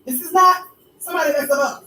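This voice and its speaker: High-voiced woman telling a mocking story. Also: fast talker, bright, forceful tone, slight background noise. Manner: emphatic, mocking, preacher-like. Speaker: vlogger. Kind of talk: storytelling commentary. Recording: echoey room, mic at a distance, faint music.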